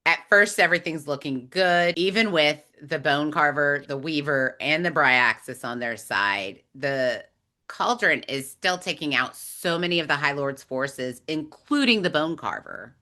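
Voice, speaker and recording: A woman co-hosting a podcast, recapping a book in animated, chatty storytelling. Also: deep voice, a little slow. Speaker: podcast co-host. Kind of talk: casual book discussion chat.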